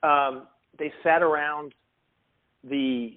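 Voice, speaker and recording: A man's voice: fairly high pitch, drawn-out words. Male guest from Newfoundland, anecdotal storyteller, thin phone-line sound. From Newfoundland, Canada. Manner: animated anecdote teller who acts out quotes. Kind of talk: casual storytelling chat. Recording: phone-like narrow audio.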